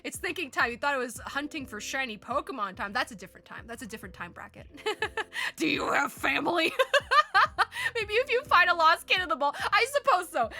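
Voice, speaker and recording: Young woman, giggly live-stream chatter, high voice, very lively pitch, bright tone, slightly scratchy throat. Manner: giggly, laughs often between lines. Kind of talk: casual live-stream chat.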